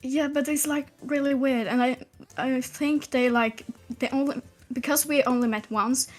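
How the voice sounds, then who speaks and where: A woman's voice: sits high, fairly even intonation, normal speed, faint music behind. A young woman calling in, talking hesitantly with many fillers. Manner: hesitant, lots of fillers and laughs. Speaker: caller. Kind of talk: casual chat.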